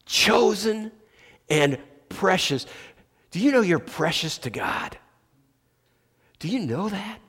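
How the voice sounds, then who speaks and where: A man preaching a sermon as pastor, slow and emphatic, restarting his phrases often. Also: high-pitched, very animated, a bit bright, husky. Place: church sanctuary. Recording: long church reverb.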